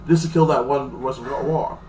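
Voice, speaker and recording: A man's voice: medium pitch, steady tone, normal speed, a crowd in the background. Rambling man recapping a TV episode, echoey room. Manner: rambling, filler-heavy, retells scenes in quotes. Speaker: TV episode reviewer. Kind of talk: casual spoken recap. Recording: echoey room, mic at a distance.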